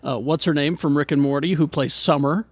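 A man's voice: on the high side, steady tone, fairly quick, a bit bright. A man hosting a radio show, chatting casually and rambling with lots of fillers and restarts.

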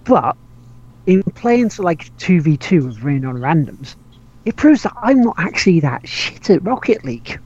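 Casual gaming talk comes from a podcast host who keeps restarting, laughs, and drops easygoing swears. His somewhat high male voice is husky and darkish, with big pitch swings at a moderate pace. Sound quality is dull and lo-fi.

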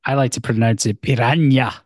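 A man in casual podcast chat, wry and rambling with a self-mocking streak. His pitch is middling. The recording is close and dry. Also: a little fast, no echo. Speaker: podcast co-host.

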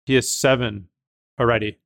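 A man's voice: mid-range voice, fairly even intonation, moderate pace, creaky, a bit bright, no echo, studio quality. A man hosting a podcast, casual chat, talking emphatically and thinking aloud with restarts. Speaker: podcast host.

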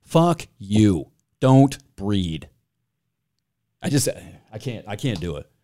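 A man's voice: on the low side, sing-song, slow pace, dark tone. Ranting, profane male podcast host. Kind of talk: casual crude podcast banter. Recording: faint music bed behind.

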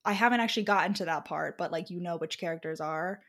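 A young woman with a lowish voice talks through a book in a loose, rambling way. Fillers crowd nearly every phrase as she chats. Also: fast, fairly bright tone. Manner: rambling, filler-heavy, "like" in most lines. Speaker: book podcast co-host. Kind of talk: casual book chat.

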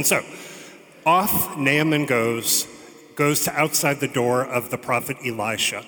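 Male preacher, bright and forceful tone, chatty storyteller with wry asides; church hall with a long echo. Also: medium pitch. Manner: conversational storytelling with joking asides. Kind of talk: sermon. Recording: long reverb of a large hall.

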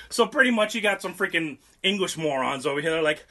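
A man's voice: high-pitched, brisk, bright, forceful tone. A young man hosting a podcast and telling a history story as casual, profane, mocking comedy.

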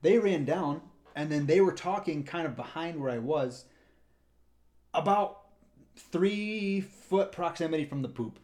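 A man's voice: a little high, a little slow, darkish tone. A man co-hosting a casual podcast, telling a rambling anecdote about his work in a park and acting out the people in it. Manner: rambling, acts out voices in anecdotes. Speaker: park ranger and podcast co-host. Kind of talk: casual storytelling.

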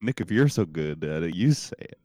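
Casting: very deep-voiced man, teasing interjections, dry close sound. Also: animated, brisk, dark tone, no echo. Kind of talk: casual chat.

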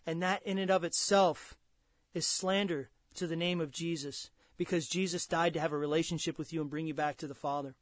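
A man's voice: a little high, fairly even intonation, brisk, dry recording. A man preaching a sermon with fervent energy, repeating words and building up intensity as he presses his points.

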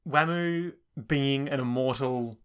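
A man's voice: medium pitch, slow, fairly bright tone, clean tone. A man co-hosting a casual podcast, recapping an anime episode, laughing often and acting out quotes. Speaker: podcast co-host.

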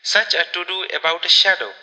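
A man's voice: sits high, brisk, pushed and bright, in a large hall, low-quality recording. A man reading as a brusque grown man.

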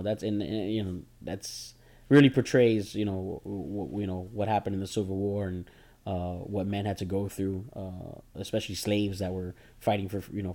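A man's voice: fairly low pitch, dark tone. A man co-hosting a casual movie chat, rambling and joking, often repeating himself mid-sentence.

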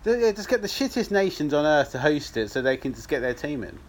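A man's voice: fairly high pitch, quick pace, low-quality recording. A man in his thirties with an English accent, co-hosting a casual podcast chat, laughing easily and stumbling over his words. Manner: animated, chatty, laughs easily, stumbles and restarts. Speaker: podcast co-host.

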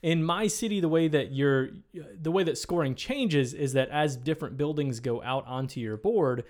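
A man's voice: on the high side, moderate pace. A man co-hosting a podcast in casual chat, laughing often and restarting his sentences. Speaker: podcast co-host.

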